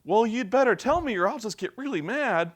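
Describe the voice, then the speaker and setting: A man's voice: sits high, lively intonation, fairly quick, pitched above the performer's own voice. A man voicing a whiny, all-talk cowboy gunslinger who makes empty threats.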